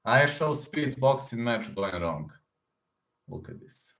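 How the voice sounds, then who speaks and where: Male reaction host, excitable and repetitive, demonstrating techniques; mid-pitched voice, echo-heavy room. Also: slow. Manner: excitable, repeats phrases, demonstrates fight moves. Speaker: MMA news reaction host. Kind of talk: casual reaction commentary.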